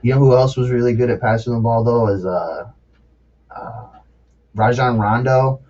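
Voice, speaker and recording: A man's voice: mid-range voice, steady tone, moderate pace, mellow. A man hosting a casual podcast chat, speaking loosely with swearing and frequent laughter. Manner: casual, profane, laughs often. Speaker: podcast host. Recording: dull lo-fi sound.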